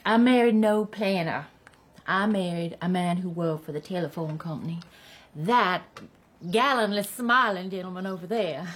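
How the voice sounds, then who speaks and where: A woman's voice: on the low side, normal speed, lightly acted. A woman playing a fluttery Southern belle mother. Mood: gushing. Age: middle-aged. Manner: gushing, genteel, rambling chatter. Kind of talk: stage drama acting.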